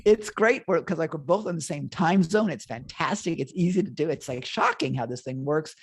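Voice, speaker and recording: A man hosting an online show, talking with enthusiastic, energetic energy over a video call. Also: fairly high pitch, fairly quick, slightly rough.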